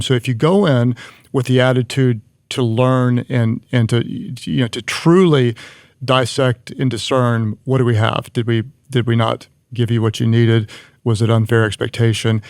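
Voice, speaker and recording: A man's voice: medium pitch, vocal fry, darkish tone, no echo, clean studio sound. A man speaking as a leadership guest, explaining his advice earnestly in a conversational way, often restarting his sentences.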